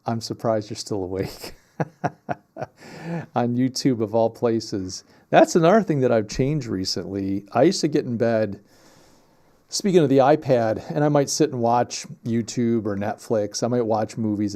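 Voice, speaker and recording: A man's voice: medium pitch, expressive, moderate pace, warm tone. A man in his fifties hosting a livestream, chatting casually and thinking aloud in a reflective, rambling way from his home office. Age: 50s. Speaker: livestream host.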